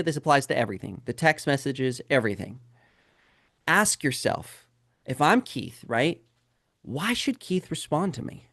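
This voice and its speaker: Man, high pitch, very expressive, webinar trainer, dry close sound. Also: no room sound. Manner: lively and conversational, firing rhetorical questions at the audience; addresses listeners directly as "guys". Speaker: real estate sales trainer. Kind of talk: live webinar teaching.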